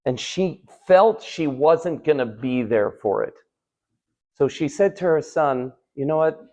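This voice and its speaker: Man, rabbi, fairly high voice, lively storyteller, rhetorical questions, loud-to-hushed swings. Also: a little slow. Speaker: rabbi giving a Torah class. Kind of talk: live sermon with storytelling. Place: synagogue hall.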